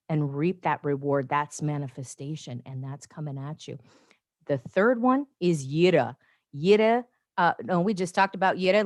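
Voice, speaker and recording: Woman host doing a spiritual channeled reading, emphatic and repetitive, lowish voice, dry sound. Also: darkish tone, dry recording. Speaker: show host, spiritual guide.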